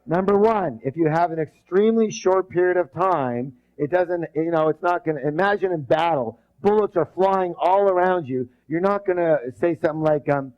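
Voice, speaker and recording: A man giving a live leadership seminar, lively and calling on the audience to answer back. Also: on the high side, moderate pace, hardly any pauses, dull audio. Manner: energetic, quizzes the audience with call-and-response.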